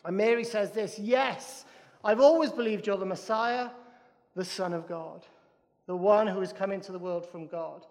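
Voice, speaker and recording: High-voiced male pastor in a reverberant hall. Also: moderate pace. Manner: lively, animated preaching with a joke and repeated restarts. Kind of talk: sermon. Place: church hall.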